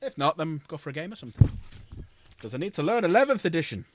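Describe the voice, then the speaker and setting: A man's voice: on the high side, sing-song, fast talker, noisy background. A man streaming casually, chatting and rambling to viewers while building models. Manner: rambling, chatty, talks to chat.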